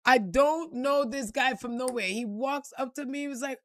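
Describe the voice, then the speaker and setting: A woman's voice: sits high, moderate pace, fairly bright tone, no room sound, studio quality. A woman telling a personal story in casual, profane vlog style, acting out the quotes and laughing along.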